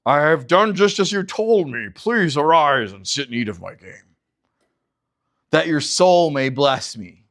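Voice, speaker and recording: A man's voice: on the high side, animated, unhurried, fairly bright tone. A man voicing a nervous young man who stammers while pretending to be his brother. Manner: stammering, hesitant.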